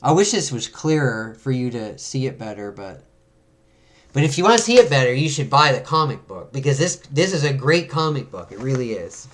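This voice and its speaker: A man in casual conversation, reading a comic book aloud and dropping into quick little voices for its characters as he goes. His voice sits at a middle pitch. He talks in an easy, chatty way. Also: very animated, a bit bright. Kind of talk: casual read-through of a comic.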